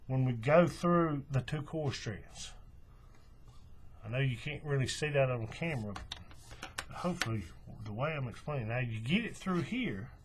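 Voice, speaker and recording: A man explaining a craft step by step in a relaxed, folksy way. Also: medium pitch, husky. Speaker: craft tutorial host. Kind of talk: hands-on tutorial walkthrough.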